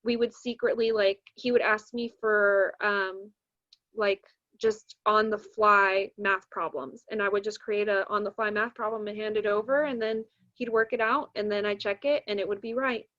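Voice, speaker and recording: This math teacher, a young woman, has a medium-pitched voice and an ordinary speaking speed. She narrates a story in relaxed podcast chatter, lively throughout, imitating whoever she's quoting. Audio quality is flat and lo-fi.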